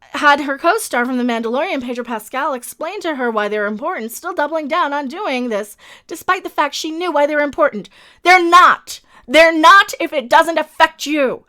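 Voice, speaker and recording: A woman's voice: sits high, sharp tone. A woman hosting a commentary video, ranting in a heated, emphatic way, repeating her points and swearing often. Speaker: commentary channel host.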